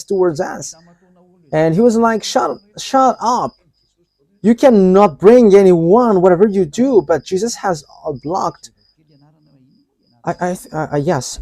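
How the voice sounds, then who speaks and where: A man preaching a live sermon, halting, with many fillers and restarts and frequent chuckles. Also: a little high, warm tone, no echo.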